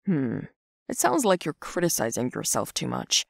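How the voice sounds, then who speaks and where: A woman voicing a gentle, consoling older man who is a family friend in an animated story. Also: extremely low pitch, normal speed, vocal fry, no echo, clean studio sound, pitched below the performer's own voice, full character voice. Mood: soothing. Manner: soft, calm, consoling.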